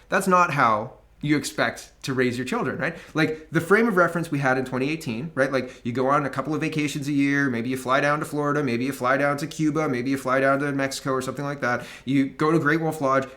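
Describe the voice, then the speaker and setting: A man's voice: fairly high pitch, fairly bright tone. Sarcastic man ranting on politics. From Canada. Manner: sarcastic, indignant, laughs at his own jabs. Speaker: political commentary host. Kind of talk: solo political commentary, reading posts aloud.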